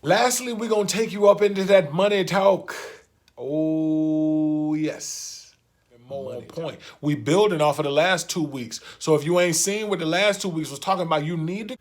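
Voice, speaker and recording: A man's voice: fairly high pitch, moderate pace. A man introducing a podcast episode in a teasing, hyped way. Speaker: podcast host. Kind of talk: show introduction.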